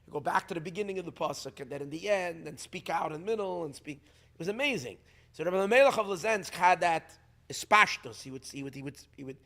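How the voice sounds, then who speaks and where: A middle-aged man with a somewhat high voice gives an unscripted storytelling talk as a rabbi. His delivery is animated and emphatic. He often doubles back, repeating words as he builds a point. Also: fast talker. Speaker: rabbi teaching at a community gathering.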